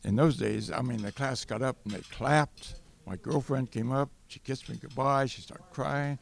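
A man's voice: mid-range voice, moderate pace, creaky, slight background noise. An older man from California telling a wartime Navy anecdote, chuckling and restarting as he rambles. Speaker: World War Two Navy veteran guest. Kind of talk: storytelling interview.

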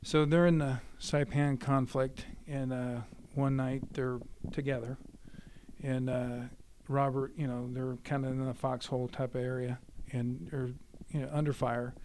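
A man's voice: mid-range voice, a little slow, slight background noise. A man casually retelling his father's war stories, acting out the dialogue with animation. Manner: animated, acts out quoted dialogue. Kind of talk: casual storytelling.

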